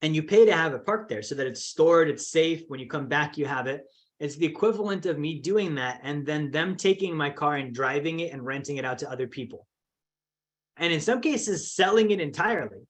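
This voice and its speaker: A man's voice: fairly high pitch, expressive, brisk. A man teaching a finance course, emphatic and repetitive, often checking in with the listener. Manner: emphatic, repeats points with "okay" and "right". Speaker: financial educator. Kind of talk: explanatory course talk.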